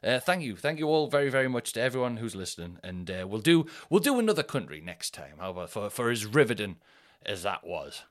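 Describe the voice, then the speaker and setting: A man's voice: on the low side, sing-song, brisk. A Northern English man hosting his own podcast, talking alone in a rambling, sweary, self-mocking way. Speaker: podcast host. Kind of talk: casual solo podcast chat.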